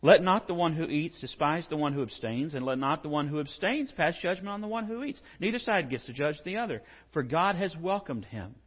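A man giving a conversational sermon as a pastor, asking the congregation rhetorical questions and building to animated emphasis. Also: a little high, fairly quick, hardly any pauses, in a large hall, dull audio.

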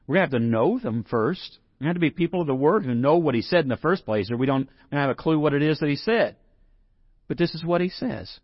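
A man's voice: medium pitch, quick pace, dry recording, highs cut off. Conversational male pastor preaching, dry sound. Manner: conversational preaching, rising to emphatic scripture reading. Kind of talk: sermon.

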